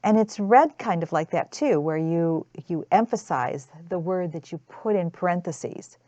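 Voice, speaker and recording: A woman's voice: lowish voice, expressive, darkish tone, dry recording. A woman tutor explaining a grammar lesson in a careful way, with frequent restarts. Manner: slow, careful, with repeated restarts. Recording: dull lo-fi dry recording.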